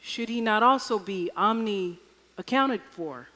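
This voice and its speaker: A woman's voice: mid-range voice, slow, pushed and bright. A woman preaching a sermon, telling a personal story with wry humor. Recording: echoey hall reverb.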